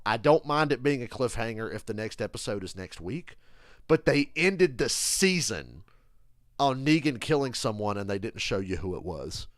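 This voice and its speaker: A man chatting casually on a live stream, telling stories in an animated, profane rant. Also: lowish voice, no echo, studio quality. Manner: animated, profane, ranting storyteller. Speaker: streamer reacting live to a football game.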